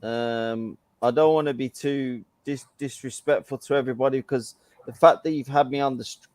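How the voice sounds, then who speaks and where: A man's voice: mid-range voice, fairly even intonation, normal speed, a little mellow, no room sound. A man calling in to a live boxing talk stream over a video call with his camera off, casual and stammering on his words. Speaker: guest caller.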